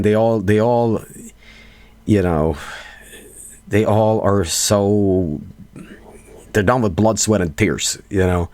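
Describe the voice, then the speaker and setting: A man's voice: lowish voice, darkish tone, dry recording. A man, a band's vocalist, chatting in a casual Q&A, rambling earnestly with lots of restarts. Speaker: band vocalist. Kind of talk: casual Q&A chat.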